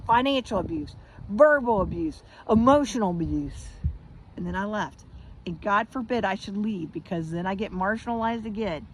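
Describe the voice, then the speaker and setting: A middle-aged American woman delivers a raw, impassioned vent straight to her viewers. Her voice sits in an ordinary middle register, hard-edged and profane. A faint background noise hums under the recording. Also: medium pitch. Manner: blunt, angry, profane, swings into mocking voices. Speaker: vlogger.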